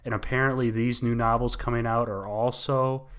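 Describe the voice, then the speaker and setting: A man's voice: mid-range voice, steady tone, moderate pace, clean tone. A man co-hosting a casual podcast, rambling and correcting himself mid-thought. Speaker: podcast co-host. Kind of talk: casual chat.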